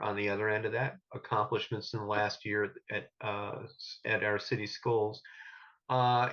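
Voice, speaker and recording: A man moderating a town hall forum who asks questions haltingly, with many restarts. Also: medium pitch, vocal fry, fairly bright tone. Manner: halting, full of restarts while phrasing questions. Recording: dull lo-fi sound.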